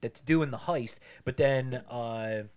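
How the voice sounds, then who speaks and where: A man co-hosting a casual movie podcast, rambling through plot recaps and acting out characters in quick quoted voices. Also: mid-range voice, clear, resonant tone. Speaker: podcast co-host.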